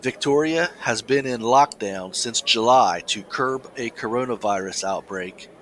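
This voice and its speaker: Coughing as though something caught in his windpipe, a podcast co-host with a medium-pitched, fairly bright voice reads a news item aloud during casual chat. He keeps restarting and filling gaps, and the audio quality is low.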